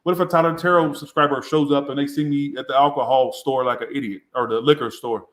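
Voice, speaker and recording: Here a tarot reader talks quickly in a steady, middle-pitched tone. Tipsy, rambling, and crude, he mocks himself throughout the live reading, and echo from the room is clearly audible.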